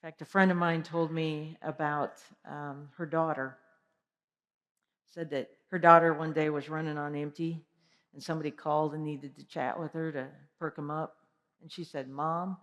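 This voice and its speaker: A woman giving an energetic motivational keynote, asking the audience direct questions. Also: deep voice. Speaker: keynote speaker. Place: large conference hall. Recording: long hall reverb.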